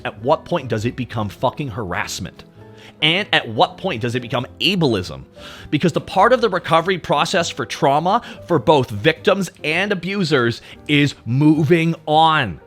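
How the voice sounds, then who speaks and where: A man from Canada streaming live, answering chat and ranting with a lot of swearing and big jumps in loudness. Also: a little high. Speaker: VTuber streamer. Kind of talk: livestream chat rant.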